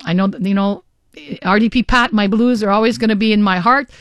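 A middle-aged woman hosting a radio car show, talking in a chatty, energetic, caffeinated way into a studio mic. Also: mid-range voice, a little fast, smooth, dry recording. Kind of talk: upbeat radio talk. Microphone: studio microphone.

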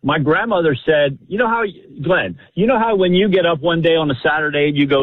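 A man's voice: a little high, brisk, hardly any pauses, dry recording. A man calling in to a radio show, telling a family story in an eager, rambling way with lots of fillers. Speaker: caller. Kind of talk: phone-in storytelling. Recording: tinny phone line.

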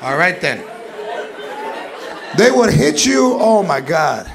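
A man's voice: a little high, sing-song, takes it slowly, pitched below the performer's own voice, full character voice. Man doing a scolding grandmother. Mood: threatening. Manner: scolding, threatening, mixing Spanish into English. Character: tough older Mexican grandmother scolding a grandchild. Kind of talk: stand-up comedy. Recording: loud live club with laughing crowd.

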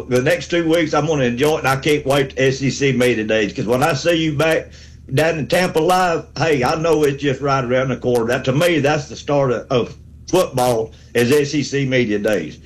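This is a man, calling in to a sports show. His voice sits a little high for a man. He rambles and fires himself up as he talks. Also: rough recording. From Alabama. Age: 60s. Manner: fervent, rambling pep talk. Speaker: caller. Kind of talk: call-in sports talk.

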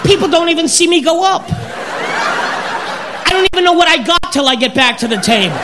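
High-pitched ranting stand-up comic man. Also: animated. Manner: ranting, drawn-out shouted punchlines. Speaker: stand-up comedian. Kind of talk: stand-up routine. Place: comedy club stage. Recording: live club set with audience laughter and noise.

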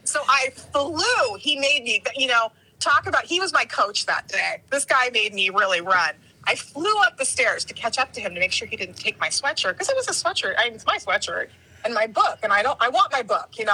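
A woman with a bright, slightly high and husky voice tells a casual story. She is animated and jumps into playful voices for the people she quotes. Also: a little fast, poor audio.

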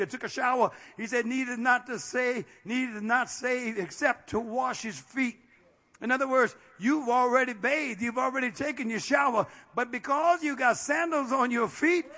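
A male pastor preaching a fiery, folksy sermon, peppered with amens and rising to shouts. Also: very high voice. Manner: folksy, plain-spoken.

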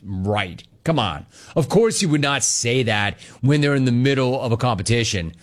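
Hosting a sports talk show, a man riffs on his opinions, his pitch swinging widely whenever he slips into mocking impressions. He laughs a lot, with lively intonation at a moderate pace.

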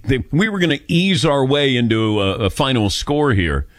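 Lively self-deprecating male radio host. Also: medium pitch, normal speed, no echo, studio quality. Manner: chatty, self-deprecating, storytelling. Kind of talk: casual radio chat. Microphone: studio microphone.

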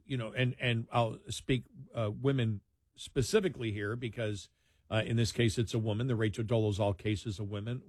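A man's voice: medium pitch, dry recording, studio quality. An older man from New York hosting a late-night talk radio show, chatting casually and mimicking voices when he quotes people. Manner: animated, mocks voices when quoting.

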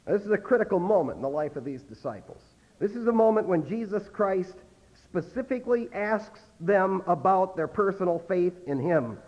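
A man preaching an expository sermon as a pastor, emphatic, his loudness rising and falling. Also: sits high, expressive, moderate pace. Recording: muffled sound with long hall reverb.

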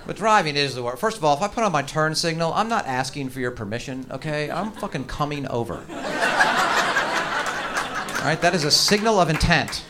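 A man's voice: fairly high pitch, animated, quick pace, few pauses. A man performing stand-up comedy with profane, mock-angry rants. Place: comedy stage. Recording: noisy live stage recording.

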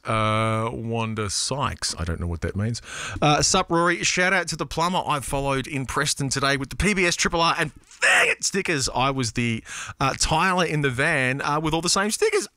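Bright, rambling Australian radio host man. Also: mid-range voice, expressive, normal speed, smooth, no echo. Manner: rambling, self-deprecating, playful asides. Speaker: radio host reading listener texts. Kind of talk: casual radio chat.

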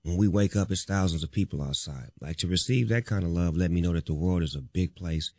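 A man's voice: low voice, fairly quick, darkish tone, no room sound. A man in his fifties from Long Beach with a Southern California accent, a radio guest chatting in a laid-back, slangy drawl. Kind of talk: casual radio chat.

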